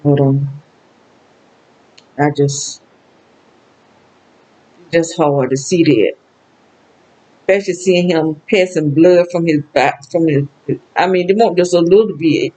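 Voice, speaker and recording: A woman's voice: on the low side, mellow, rough recording. An older woman with a Southern US accent talking alone to the camera in a rambling, emotional way, feeling sad. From American South. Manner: rambling, emotional, with frequent laughs and exclamations. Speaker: vlogger. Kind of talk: casual personal monologue.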